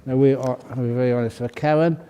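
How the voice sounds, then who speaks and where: A Buddhist monk leading a ceremony, calling out names in a casual, joking way and laughing between them. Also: male voice, mid-range voice, fairly even intonation, quick pace, dark tone, clean tone. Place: large hall.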